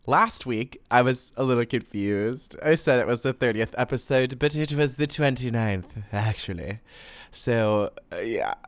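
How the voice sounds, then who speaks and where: A man's voice: medium pitch, lively intonation, a little slow. Young male podcast host, irritated venting monologue with lots of swearing and filler. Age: young adult. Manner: exasperated, swears freely, rambling with fillers. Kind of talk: casual solo podcast rant.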